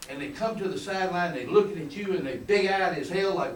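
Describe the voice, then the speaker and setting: Folksy older coach in a roomy hall. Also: male voice, high-pitched, brisk, hardly any pauses. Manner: colorful, emphatic, chuckles through stories. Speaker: football coach presenting at a clinic. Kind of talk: folksy storytelling lecture. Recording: roomy, distant mic with faint room noise.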